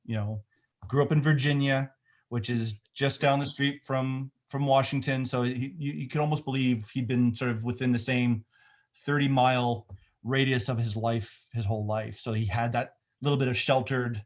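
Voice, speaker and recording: A man's voice: medium pitch, fairly even intonation, normal speed. A middle-aged man, a film director, talking in a casual remote interview, thoughtful and rambling with many restarts.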